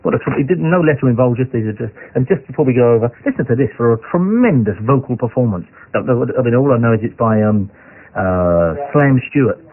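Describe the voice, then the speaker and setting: A man hosting a radio phone-in, brisk, joking and opinionated. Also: mid-range voice, expressive. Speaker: radio host. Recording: radio broadcast, phone-like sound.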